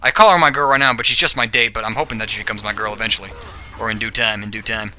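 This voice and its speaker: A man's voice: on the low side, fairly even intonation, very fast, sharp tone, a little hiss or hum. A man giving a casual, rambling opinion monologue to camera, with frequent "you know" and "all right?" and stumbling restarts. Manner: self-correcting, stumbling restarts. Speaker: video blogger.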